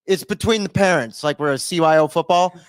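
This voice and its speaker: A man's voice: a little high, a little fast, smooth. A man co-hosting a sports podcast in casual chat, swearing freely and mocking players. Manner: animated, profane, mocking impressions. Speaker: podcast co-host.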